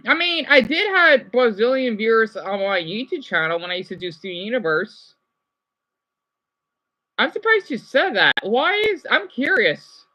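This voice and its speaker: A man's voice: very high voice, muffled recording. A young man reading viewers' chat comments aloud and answering them on a casual livestream. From United States.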